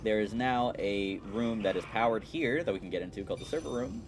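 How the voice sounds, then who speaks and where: A man's voice: on the low side, a little fast. A man giving casual, chatty game commentary, explaining his strategy with playful asides. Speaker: gaming streamer. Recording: steady background noise.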